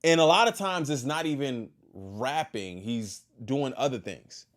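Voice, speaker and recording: A man's voice: mid-range voice, lively intonation, measured pace. A man hosting a casual reaction stream, questioning and repeating himself in disbelief. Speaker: host reacting to a video.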